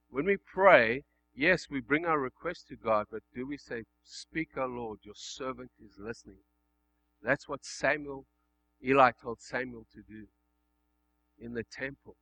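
A male pastor delivering a sermon, swinging between loud emphatic passages and hushed, quiet ones. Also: mid-range voice, low-quality recording.

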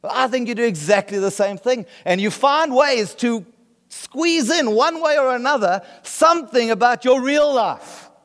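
A South African man preaching in a loose, conversational way, keeps asking the room whether they get it. His voice sits fairly high for a man. A long hall reverb trails behind every line. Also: animated, moderate pace, fairly bright tone. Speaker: pastor. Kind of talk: sermon.

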